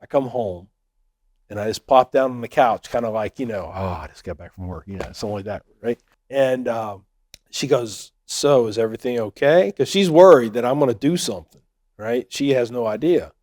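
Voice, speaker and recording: A man's voice: medium pitch, moderate pace, darkish tone, no echo. A man telling his own story in a joking, conversational way, full of asides like "you know" and "right". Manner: joking, conversational with many fillers. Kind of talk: personal storytelling.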